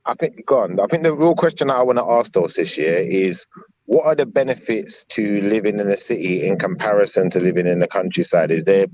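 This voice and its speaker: A man's voice: on the low side, brisk, darkish tone, no echo, highs cut off. A man, asking questions in a casual online panel chat. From England. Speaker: panel guest.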